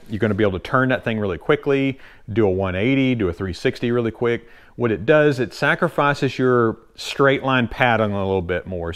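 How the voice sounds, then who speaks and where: A man with a Southern drawl talks through kayak terms like a friendly shop hand showing a customer around. His voice sits at an everyday middle pitch, and his delivery is easygoing and folksy, with plenty of loose fillers along the way. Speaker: kayak channel host and retailer. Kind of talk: casual instructional explainer.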